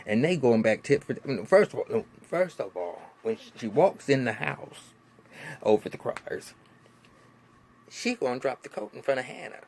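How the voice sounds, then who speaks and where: Animated, profane man reviewing TV. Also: medium pitch, unhurried, gravelly, slight background noise. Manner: animated, profane, frequent restarts and laughs. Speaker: TV show reviewer. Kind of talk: casual vlog commentary.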